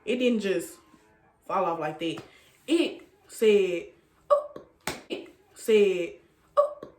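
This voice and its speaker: Woman telling a story, laughing and animated. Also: medium pitch, slow pace, echoey room. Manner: animated, laughing, repeats phrases for effect. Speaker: storytime vlogger. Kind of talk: casual storytelling.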